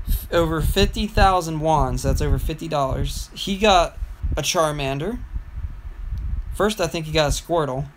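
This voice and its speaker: A young man talks loosely on a livestream, wandering through a story and restarting his sentences. His voice sits a little high for a man. A faint noise hums under the recording. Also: rough recording. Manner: meandering storytelling with frequent restarts. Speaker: gaming livestreamer. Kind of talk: casual rambling livestream chat.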